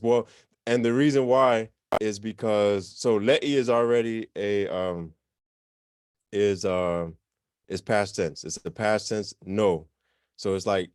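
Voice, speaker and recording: Male teacher, low clear voice, casual and self-correcting, dry close sound. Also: a little slow, no room sound. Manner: relaxed, self-correcting, chatty explanations. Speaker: language teacher. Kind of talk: informal online class.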